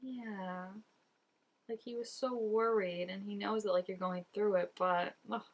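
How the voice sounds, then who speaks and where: A woman's voice: medium pitch, normal speed. A young woman hosting a casual reaction video, chatting emotionally and talking back to the screen.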